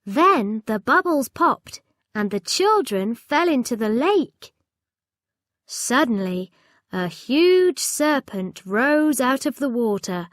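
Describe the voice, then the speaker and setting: A woman reading a children's storybook aloud in a slow, clear and expressive way. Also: fairly high pitch, no echo, clean studio sound. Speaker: storybook reader.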